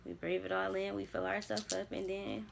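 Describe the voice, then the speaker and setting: A woman's voice: mid-range voice, flat delivery, moderate pace, gravelly, noisy background. A young woman, talking candidly to herself on camera about spiritual growth, with casual swearing. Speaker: vlogger. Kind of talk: casual reflective monologue.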